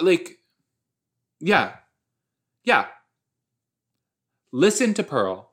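A man's voice: mid-range voice, a little slow, pauses often. A man talks along with a show he is watching, loose and chatty. He takes his time, and his voice swings widely up and down with every surprise. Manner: exclaiming, chatty, loose and animated. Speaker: podcast host reacting to a TV episode. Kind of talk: casual watch-along reaction.

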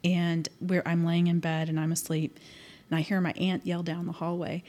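A woman's voice: on the low side, little pitch movement, moderate pace, a little mellow. A woman from the American Midwest, a podcast guest telling personal stories in a thoughtful, hesitant way with many fillers. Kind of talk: casual storytelling interview.

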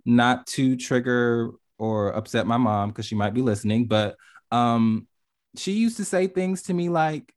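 A man speaking as a podcast guest in a candid, expressive way, swearing freely. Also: medium pitch, unhurried. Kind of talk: casual discussion.

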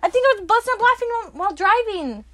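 A woman's voice: extremely high pitch, expressive, very fast, sharp tone. A woman co-hosting a casual podcast, laughing helplessly through her story. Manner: laughs helplessly, giggly and breathless. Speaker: podcast co-host. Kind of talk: casual chat.

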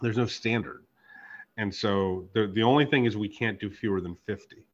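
Talking at normal speed in a lowish voice, a man hosting a podcast recounts a story casually, cursing liberally and acting out every back-and-forth with reenacted dialogue. The podcast sound is dull and lo-fi.

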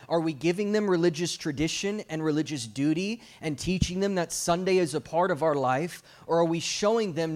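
Man preaching a lively storytelling sermon. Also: a little high, brisk, hardly any pauses. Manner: animated storytelling with jokes. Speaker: guest preacher.

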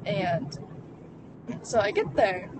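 A young adult vlogger telling a personal story from inside a car, halting and full of fillers and restarts. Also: mid-range voice, expressive. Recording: vehicle noise behind. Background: car road noise.

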